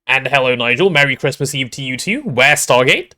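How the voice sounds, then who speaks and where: Male game streamer, casual and playful, bright tone with a bouncy, swinging pitch, reads chat aloud. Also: lively intonation, brisk. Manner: playful, greets and answers chat aloud with repeated words.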